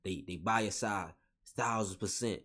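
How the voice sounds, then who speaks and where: A man's voice: fairly low pitch, normal speed, pushed and bright. A man giving a spiritual motivational monologue in casual slangy talk, repeating and restating each phrase with emphasis. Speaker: vlogger.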